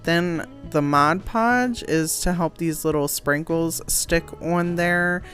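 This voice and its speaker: A woman's voice: lowish voice, slow pace, a bit bright, faint music behind. A woman talking through a craft tutorial in a casual voice-over, chatty and giggly, often poking fun at herself. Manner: chatty, giggly, self-deprecating. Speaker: crafting vlogger.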